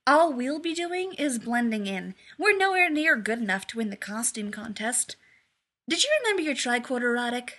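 A woman's voice: fairly high pitch, sing-song, moderate pace, fairly bright tone. A woman voicing a bossy, sneering male scientist who snaps orders in a storybook reading. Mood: complaining. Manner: snappish, bossy.

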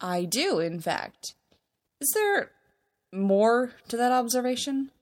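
A woman's voice: on the high side, very animated, takes it slowly, pitched above the performer's own voice. A woman voicing a flustered, sarcastic teenage boy who snaps back defensively, in a spoken story reading.

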